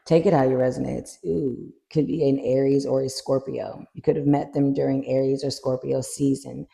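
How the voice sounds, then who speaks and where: A tarot reader chatting casually through a card reading, animated and swearing freely. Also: mid-range voice, moderate pace, creaky. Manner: animated, swears freely, acts out little scenes.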